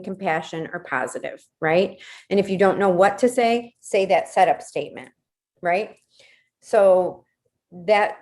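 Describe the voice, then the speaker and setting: A woman's voice: mid-range voice, a little mellow. A woman leading a casual workshop, talking conversationally, repeating words and checking in with "right?". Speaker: workshop leader.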